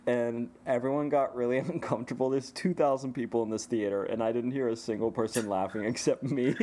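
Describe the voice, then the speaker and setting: A man in an easygoing podcast chat, recounting a night out with lively energy. He laughs often through his own story and swears freely, his voice sitting at an ordinary middle pitch. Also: fairly quick, hardly any pauses, slight background noise. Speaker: podcast co-host. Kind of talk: casual chat.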